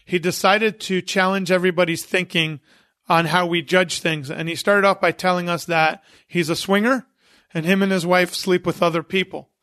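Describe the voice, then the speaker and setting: A man, an event promoter, telling lively stories as a guest on a podcast and acting out what people said. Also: high voice, normal speed, no room sound, clean studio sound. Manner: animated anecdote-teller who acts out quotes. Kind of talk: casual interview storytelling.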